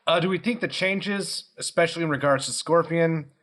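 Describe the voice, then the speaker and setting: A man's voice: on the high side, normal speed, fairly bright tone. A man co-hosting a fan podcast, reading out listener questions and answering them casually. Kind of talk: casual chat.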